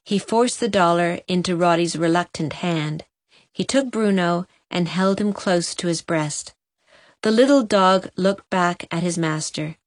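A woman narrating a storybook gently for an audiobook. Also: lowish voice, measured pace, no echo, clean studio sound.

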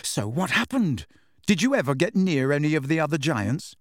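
A man voicing an earnest teenage boy who presses with quick questions in an audiobook reading. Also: on the high side, sing-song, no room sound, studio quality. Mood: urgent.

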